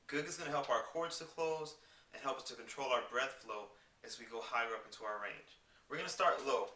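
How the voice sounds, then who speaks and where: A man giving a singing lesson, explaining clearly and demonstrating vocal scales on simple syllables. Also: medium pitch, brisk, sharp tone, far from the mic. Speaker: singing teacher. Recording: roomy sound with piano behind. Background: piano accompaniment.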